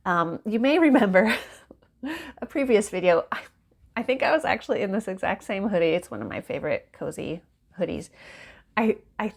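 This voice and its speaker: A woman's voice: medium pitch, lively intonation, normal speed, vocal fry, long pauses. A woman in a casual chat at home by a window, talking in a rambling, chatty way and laughing often. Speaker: book vlogger.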